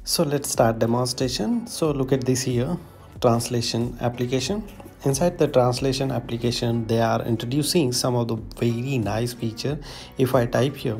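Mellow-voiced man demoing an app. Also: medium pitch, soft background music. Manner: halting non-native English, repeats "look at this". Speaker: tech tutorial host. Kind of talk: casual screen-recorded app demonstration.

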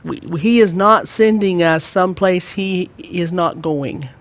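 Gentle rambling church teacher man. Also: high-pitched, measured pace. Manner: gentle, rambling, many fillers. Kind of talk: church Bible study teaching.

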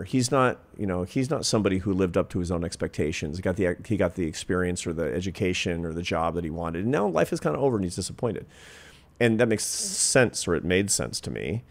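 Speaking in a low voice with vocal fry, a social scientist in his fifties, a guest in an interview, earnestly shares a personal anecdote in reflective conversation.

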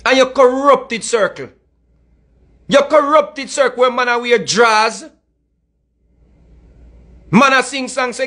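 A man's voice: very high-pitched, slow, long pauses, pushed and bright. A middle-aged man with a Jamaican accent, delivering a heated, scolding monologue that mixes in Patois and repeats his points. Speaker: music commentator.

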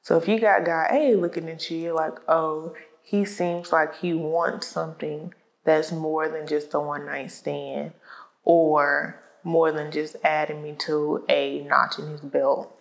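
On a lapel mic, a woman co-hosting a podcast talks casually, thinking aloud with fillers as she lays out her views in conversation. Her voice is deep, steady, unhurried, and creaky, and the recording quality is low.

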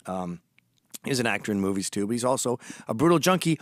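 A man's voice: mid-range voice, lively intonation, fairly quick, a bit bright, no room sound, studio quality. A man hosting a storytelling monologue, gossipy and blunt, turning urgent and emphatic when he warns. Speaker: host.

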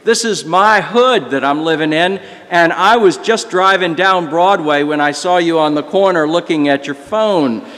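An older pastor doing a cheery young driver calling out. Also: male voice, fairly high pitch, sing-song, a little slow, big-room sound. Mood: excited. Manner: eager, calling out brightly.

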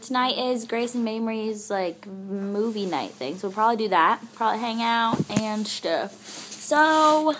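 Young female vlogger, bright-pitched, silly, chatty, camera up close at home. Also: expressive, unhurried, background noise. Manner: chatty and goofy, full of "like" fillers, jokes around. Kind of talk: casual daily vlog to camera.

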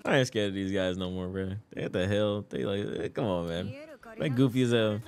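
A man hosting an anime reaction, commentating excitedly in heavy slang with loud exclamations. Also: fairly low pitch, brisk, faint music behind.

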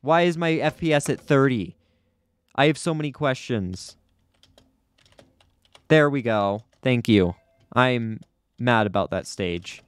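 A man's voice: mid-range voice, expressive, takes it slowly, pauses often, clean tone, no echo. A young man giving casual, chatty commentary over his own gameplay, often flustered and poking fun at himself. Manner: chatty, self-deprecating, easily flustered. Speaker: gaming YouTuber.

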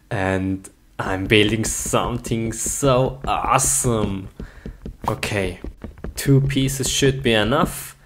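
A man's voice: medium pitch, lightly acted. A man playing a cheerful young game hero who giggles and talks through each step in a comic skit.

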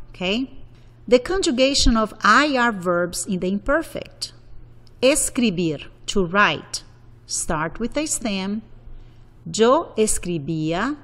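A woman teaching a Spanish grammar lesson, working slowly through verb conjugations one form at a time. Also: mid-range voice. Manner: slow, methodical, repeating conjugations. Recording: long reverb.

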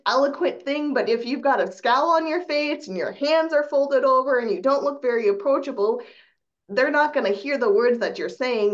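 A woman's voice: mid-range voice, highs cut off. A younger woman moderating a panel discussion in a chatty, conversational way. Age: young adult.

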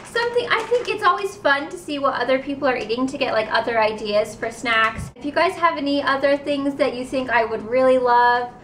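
A woman's voice: sits high, fairly quick, few pauses, a bit bright, a little hiss or hum. A young woman vlogger in casual chat, upbeat and chatty, showing her groceries at home. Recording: roomy, distant camera mic.

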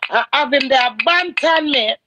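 A Jamaican woman ranting heatedly on a live stream, swearing and swinging from low mutters to shouts. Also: normal speed, background noise.

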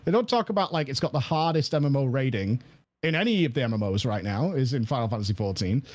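A man guesting on a podcast, telling a story in an animated, emphatic way and laughing often. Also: medium pitch, fast. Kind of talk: casual podcast chat.

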